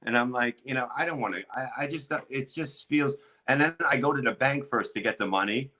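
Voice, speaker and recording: A middle-aged man, a comedian, telling crude stories in a rambling, animated way with lots of restarts. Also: medium pitch, a little fast, poor audio. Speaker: comedian guest. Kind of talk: casual storytelling chat.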